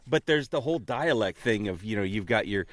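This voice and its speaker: Rambling male podcast co-host, lowish voice. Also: lively intonation, a little fast, no room sound. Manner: rambling, repeats words. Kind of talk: casual interview chat.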